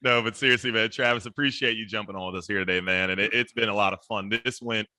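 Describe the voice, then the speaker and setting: A man's voice: lowish voice, quick pace, sharp tone, no echo. A man hosting a podcast, wrapping up the interview in an upbeat, chummy way and often saying "man". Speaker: podcast host. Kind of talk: casual podcast sign-off.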